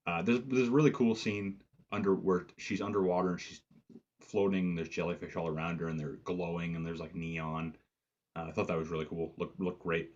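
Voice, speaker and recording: A man's voice: sits low, steady tone, fairly quick, a little mellow. A man giving a casual, rambling, profane film review full of "like" fillers, recorded with dull lo-fi sound. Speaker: movie reviewer.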